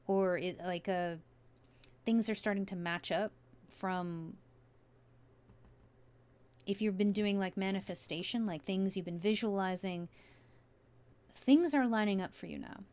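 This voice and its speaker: A woman's voice: mid-range voice, a little slow, pauses often, a little mellow, clean tone. A woman giving a casual tarot reading, musing aloud with many fillers as she turns the cards. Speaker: tarot reader.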